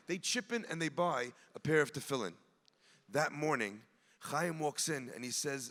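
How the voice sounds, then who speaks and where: An earnest man preaches a heartfelt sermon, speaking straight to the crowd and sinking to near whispers. His voice sits high and gravelly, with a bright, forceful edge. A long hall reverb trails his words. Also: expressive, moderate pace. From United States (New Jersey). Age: 40s. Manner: earnest, addresses the crowd directly, swells and drops to a hush. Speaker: rabbi giving a speech. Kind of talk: emotional sermon storytelling. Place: large event hall.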